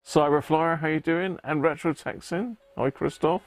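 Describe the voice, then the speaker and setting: A man with a slightly high voice, speaking at a moderate pace, hosts a casual livestream. He chats with viewers, greets them by name, and laughs often.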